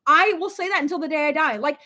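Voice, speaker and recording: A woman's voice: quick pace, bright, forceful tone. A woman in her thirties with a stuffy, congested head, hosting a casual livestream at home and reading out viewer comments, often breaking into giggles. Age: 30s. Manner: giggly, breaks into high shrieking laughter. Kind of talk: casual live chat.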